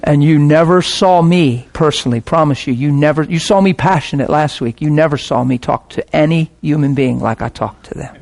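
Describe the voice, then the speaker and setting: A man's voice: on the high side, fairly quick, vocal fry, few pauses, darkish tone. A middle-aged man, a pastor, preaching a sermon in a passionate, conversational way.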